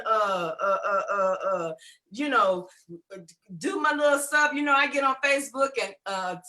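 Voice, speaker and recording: A middle-aged woman giving a loud, laughing testimonial on a video call, with preacher-like exclamations. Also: high voice. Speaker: webinar testimonial guest. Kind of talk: exuberant testimonial.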